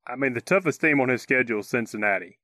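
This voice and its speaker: A man's voice: mid-range voice, expressive, quick pace, bright, forceful tone, no echo. A man co-hosting a casual sports talk show, opinionated and easygoing, chuckling often. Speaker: co-host.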